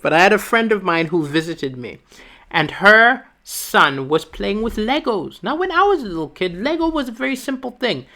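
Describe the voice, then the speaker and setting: A woman from Malawi doing a stand-up set at home, telling her stories quickly and with animation. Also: mid-range voice, fairly bright tone. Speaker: stand-up comedian. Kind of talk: stand-up comedy. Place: at home, alone.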